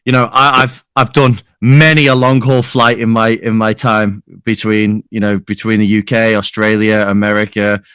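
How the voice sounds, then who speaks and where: A young man chatting as a podcast guest, easygoing and halting, often restarting his sentences. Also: lowish voice, little pitch movement, fairly bright tone, smooth, dry recording, studio quality. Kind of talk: casual chat.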